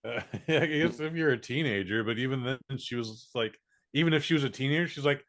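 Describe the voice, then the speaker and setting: A man's voice: mid-range voice, a bit bright. A man from the United States co-hosting a podcast in easygoing casual chat, hesitant, with many fillers. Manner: easygoing, hesitant, lots of fillers and quick reactions. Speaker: podcast co-host.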